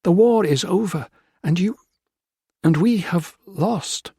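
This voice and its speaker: A man's voice: high voice, slow, creaky, warm tone, slightly rough, dry recording, studio quality, voice pushed up, exaggerated voice. A man reading an audiobook, voicing a distraught British woman who pleads desperately with her Japanese husband. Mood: desperate, tearful. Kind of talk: audiobook character voice.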